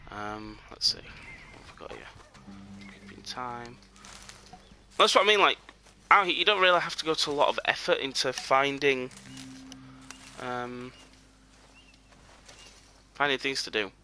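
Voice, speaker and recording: A man's voice: medium pitch, lively intonation, measured pace, pauses often, sharp tone, a little hiss or hum. A man streaming a game, chatting casually and rambling with lots of "you know" and "um" fillers. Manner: drops to a near whisper while sneaking up on game. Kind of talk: casual live gameplay commentary.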